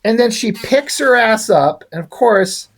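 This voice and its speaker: A man's voice: high voice, expressive, measured pace. Rambling, blunt man reviewing comics. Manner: rambling, blunt, swears casually.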